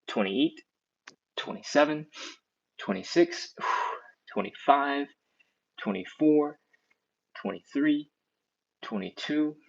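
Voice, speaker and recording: A man's voice: medium pitch, vocal fry, lo-fi sound. A man leading a live stretching class, chatty and encouraging, a bit out of breath, talking into an earbud mic. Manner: chatty, encouraging, counts down slowly. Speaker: stretching instructor.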